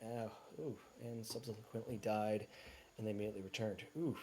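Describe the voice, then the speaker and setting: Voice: medium pitch, fairly even intonation, fairly quick, mellow, a little hiss or hum. A game master narrating a tabletop game in a rambling way, with many fillers and asides.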